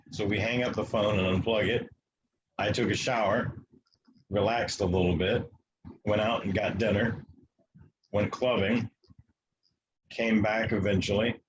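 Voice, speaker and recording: A man from the United States, a guest telling a long story in an interview, matter-of-fact and halting with fillers. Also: fairly low pitch, muffled recording, a little hiss or hum.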